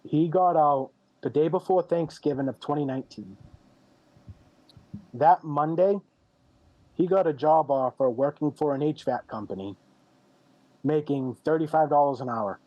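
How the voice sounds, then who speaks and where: A man's voice: on the high side, unhurried, pauses often, dry recording, muffled recording. A man in his thirties, a podcast guest, candidly telling a personal story with many ums and retold dialogue. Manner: candid, rambling, retells dialogue with "I'm like" and frequent ums.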